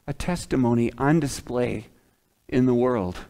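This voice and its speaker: A man preaching a sermon in a church, animated and emphatic, swinging from loud peaks to soft, low passages. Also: measured pace, rough recording. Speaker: pastor. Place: church sanctuary, away from the pulpit.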